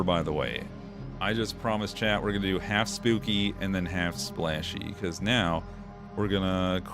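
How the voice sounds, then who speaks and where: A man's voice: on the low side, unhurried, a bit bright, soft background music. A male streamer giving casual gameplay commentary, laid-back and chatty, with swearing and laughs.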